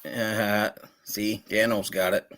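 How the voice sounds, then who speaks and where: A man's voice: lowish voice, level tone, slow pace, a bit bright. A man chatting casually on a video call, rambling with lots of filler words and chuckling often. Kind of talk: casual chat.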